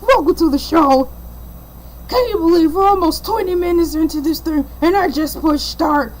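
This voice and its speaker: A woman's voice: extremely high pitch, moderate pace, slight background noise, poor audio. A woman playing a boastful talking shark host. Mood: playful. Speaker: livestream host. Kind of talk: rambling livestream in-character patter.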